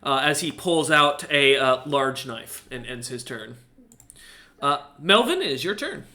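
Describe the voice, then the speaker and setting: A man's voice: medium pitch, sing-song, measured pace, bright, forceful tone. A man narrating a tabletop game as game master, rambling along with lots of ums and uhs. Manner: rambling with many fillers.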